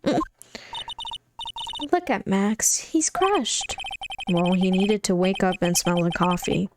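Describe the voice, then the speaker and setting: A woman's voice: medium pitch, sing-song, slow pace, background noise. A woman reading a blunt, teasing young female sidekick.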